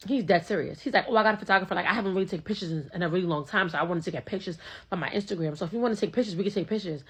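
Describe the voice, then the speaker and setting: A woman's voice: fairly low pitch, racing, a bit bright, breathy edge. A young woman casually telling a first-date story, full of fillers and quoted back-and-forth. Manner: chatty, filler-heavy retelling with quoted dialogue.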